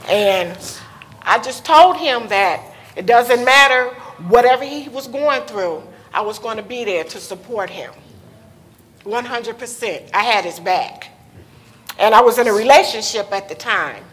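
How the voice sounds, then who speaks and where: A woman with a slightly high voice gives personal testimony at a conference panel. She talks candidly and emotionally, sometimes nervous and close to tears, into a handheld mic in a hall. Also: expressive, unhurried, a bit bright. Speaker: panel speaker, mother. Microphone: handheld microphone.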